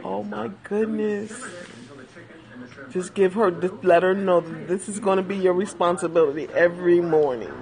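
A woman chatting casually with viewers on a phone livestream, animated and laughing often, calling them girl. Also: on the low side, moderate pace. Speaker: livestream host.

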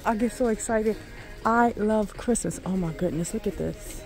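A woman filming a casual shopping vlog in a home goods store, gushing and excitable as she talks to her viewers. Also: a little high, normal speed, faint music behind. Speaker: vlogger.

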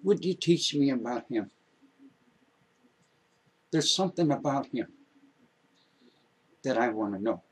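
A man voicing a remorseful male thief who speaks softly and apologetically in a told story. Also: mid-range voice, expressive, unhurried, long pauses, breathy edge, poor audio. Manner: soft, apologetic.

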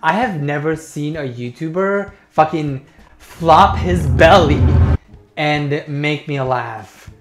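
A man's voice: a little high, slow, reverberant, heavy background noise. A young man giving reaction commentary as a YouTuber, mocking, incredulous and sweary.

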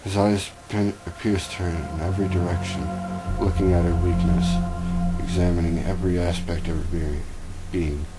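A man's voice: sits low, steady tone, moderate pace, loud music behind the voice, low-quality recording. A man doing a comedic reading with wry asides, stumbling over and correcting words. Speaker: fanfiction reader.

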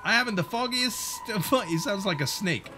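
A man voicing a small, lowly dragon-bat minion with a hissing, snake-like voice. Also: lively intonation, normal speed, over music. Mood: nervous.

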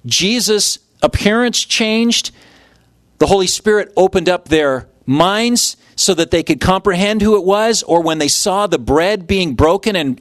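Male pastor, sermon, fairly high voice, vivid storyteller, dry close sound. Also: no room sound. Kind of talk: expository sermon.

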